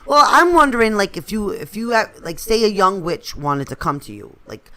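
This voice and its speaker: Co-host: woman, effusive, gushing compliments, lively bright voice. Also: medium pitch, moderate pace. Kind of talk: casual chat.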